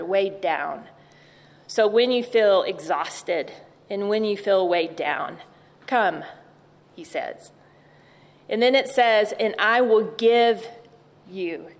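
A woman giving a gentle, reflective devotional chapel talk, repeating her key words. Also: mid-range voice, big-room sound. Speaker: chapel speaker.

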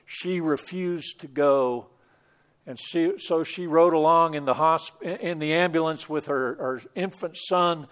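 A man's voice: a little high, unhurried, smooth. A middle-aged man telling a personal story in a chapel devotional talk, earnest, with small restarts. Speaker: preacher.

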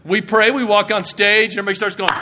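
A man's voice: high voice, little pitch movement, fast talker, background noise. A middle-aged man, a Bible professor, giving a humorous chapel talk from the stage, telling stories and acting out the voices of people he quotes.

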